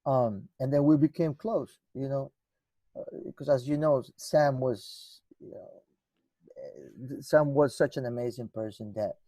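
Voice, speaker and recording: A man recounts old memories in an easy, rambling way, stopping and restarting mid-thought and acting out what others said. His voice is mellow and dark. The sound is close and dry, with no room around it. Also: medium pitch, measured pace, dry recording. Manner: rambling, many restarts, acts out dialogue. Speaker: guest musician. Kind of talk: conversational storytelling.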